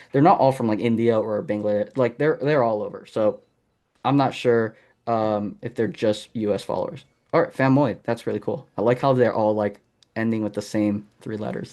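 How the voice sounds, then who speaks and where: A man's voice: mid-range voice, a little mellow. A man hosting a live online masterclass over a video call, coaching in a casual, encouraging way with frequent ums. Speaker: masterclass host and sales coach. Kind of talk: live online teaching session.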